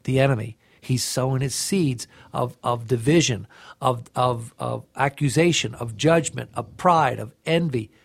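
Gravelly middle-aged man, earnest. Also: medium pitch, unhurried, no room sound. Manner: earnest and heartfelt, with frequent restarts. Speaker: co-host of a faith reflection show. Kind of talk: devotional reflection.

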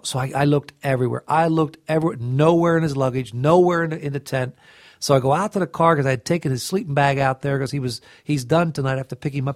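Gravelly middle-aged man, earnest. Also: medium pitch, a little mellow, no room sound, clean studio sound. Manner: earnest and heartfelt, with frequent restarts. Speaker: co-host of a faith reflection show. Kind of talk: devotional reflection.

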